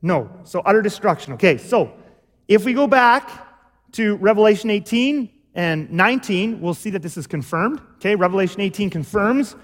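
Male pastor, high voice, sermon delivery, explanatory, lingering hall reverb. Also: animated, moderate pace. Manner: explanatory, repeats "okay?" to check understanding. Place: church.

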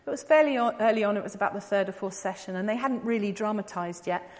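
A woman's voice: mid-range voice, fast, in a large hall. A woman giving a talk as a psychodrama practitioner, telling a story vividly and earnestly.

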